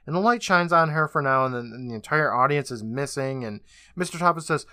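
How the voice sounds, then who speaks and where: Brief: male podcast host retelling a show with sarcastic, swearing asides; bright tone. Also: fairly high pitch, lively intonation, fairly quick, no room sound, studio quality. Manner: loose, profane, sarcastic retelling. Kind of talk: casual episode recap.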